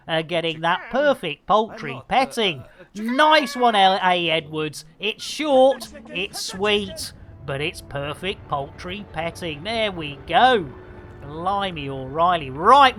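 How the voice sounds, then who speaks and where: A man's voice: sits high, sing-song, slow pace, sharp tone. A man commentating his live game stream with jokey, punning banter for his viewers.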